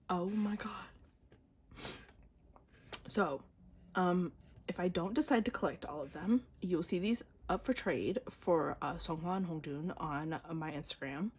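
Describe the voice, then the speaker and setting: Young woman, casual unboxing vlog, gushing fan talk, lower voice, faint hiss. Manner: gushing, excitable fan talk with gasps and slang. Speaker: vlogger.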